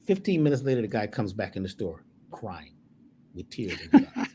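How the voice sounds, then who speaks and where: A man's voice: medium pitch, sing-song, brisk, dark tone, husky. A man talking as a spiritual teacher, emphatic and preacherly, repeating phrases to drive his points home. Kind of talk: emphatic storytelling in conversation.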